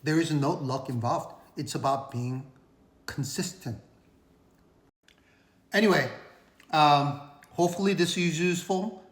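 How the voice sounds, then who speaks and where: A man's voice: a little high, a little slow, pauses often. A man casually talking to camera, giving personal finance advice in an earnest, conversational way with emphatic repetitions. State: recovering from illness. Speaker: finance vlogger. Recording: roomy echo.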